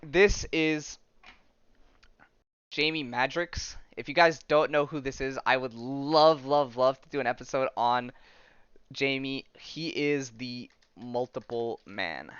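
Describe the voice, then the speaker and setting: Man, podcast host, casual rambling recap, smooth clear voice, slightly dull lo-fi recording. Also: mid-range voice, takes it slowly, fairly bright tone, no echo. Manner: rambling, filler-heavy storytelling. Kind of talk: casual comic-book recap.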